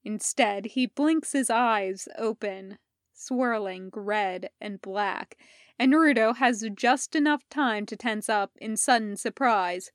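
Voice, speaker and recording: A woman narrates a fan-fiction audiobook in a fairly high voice, taking her time over each phrase. The recording is close and dry, with almost no echo. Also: slow. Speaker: podfic reader. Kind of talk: unhurried reading of fan fiction.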